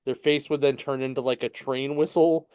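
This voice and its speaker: A man speaks at a moderate pace in a medium-pitched, clear, resonant voice, slightly mellow with fairly even intonation, in clean studio sound with no room noise. A podcast co-host at a comic shop, he recaps a comic book in casual chat, his story full of fillers and chuckles.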